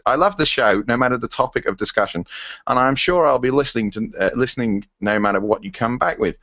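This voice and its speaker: A man's voice: medium pitch, fast, fairly bright tone, dry recording, lo-fi sound. A man co-hosting a podcast, casually reading listener emails with plenty of ums and self-mocking asides. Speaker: podcast co-host.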